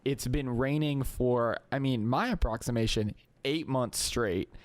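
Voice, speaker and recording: A young man co-hosting a podcast, talking in an animated, exasperated way and slipping into quoted voices. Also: medium pitch, measured pace, no echo. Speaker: podcast co-host. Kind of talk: casual chat.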